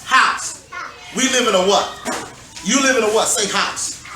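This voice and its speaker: A woman teacher leads little children through a picture book, drawing out each word and cueing them to say it back. She sounds distant in a large, reverberant room with steady background noise. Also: fairly high pitch. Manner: slow, emphatic prompting with many repeated cues. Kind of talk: call-and-response classroom reading. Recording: echoey, distant, noisy room recording.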